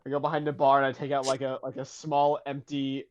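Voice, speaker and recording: A man's voice: mid-range voice, monotone, brisk, a little hiss or hum. An American man playing in a tabletop game, who stammers, giggles and describes his character's actions. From United States. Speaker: player. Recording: dull lo-fi mic.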